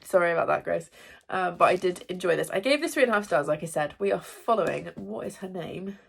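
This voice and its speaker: A woman's voice: fairly low pitch, lively intonation, quick pace, gravelly, slightly rough. A young woman, congested and ill, chatting casually in a reading vlog at home, with apologetic asides. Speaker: booktuber, English teacher.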